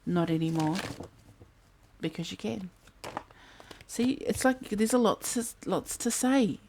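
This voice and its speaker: A woman's voice: medium pitch, animated, slow, a little mellow, a little hiss or hum. A woman, giving a casual tarot reading and chatting as she muses aloud over the cards. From New Zealand. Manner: chatty, musing aloud, breaks into snatches of song. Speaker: tarot card reader. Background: fan humming in the background.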